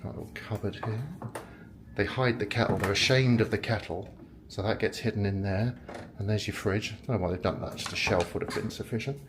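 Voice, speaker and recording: A man's voice: lowish voice, a little fast, echoey room, background noise. Chatty self-mocking British man. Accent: British English. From United Kingdom. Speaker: vlogger. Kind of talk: casual vlog tour. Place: hotel room, indoors.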